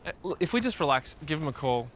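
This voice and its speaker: A comedian trying to calm a friend down, placating and soothing. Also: male voice, fairly high pitch, fast talker, slight background noise. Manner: placating, calming.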